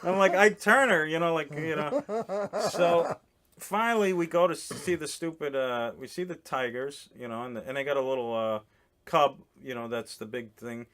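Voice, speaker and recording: A man in casual chat on a podcast, telling a rambling comic story with restarts and quick laughs. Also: fairly high pitch, fairly bright tone. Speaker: comedian guest. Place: boat in a harbor.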